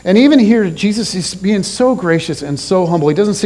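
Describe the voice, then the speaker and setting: A man preaching a sermon as a pastor, telling a story with animated delivery and dropping low and soft for quoted lines. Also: a little fast, poor audio. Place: church.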